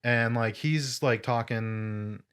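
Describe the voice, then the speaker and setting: A young man co-hosting a podcast, telling a story in casual chat, animated and full of swearing. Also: mid-range voice, takes it slowly, smooth. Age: young adult. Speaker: podcast co-host.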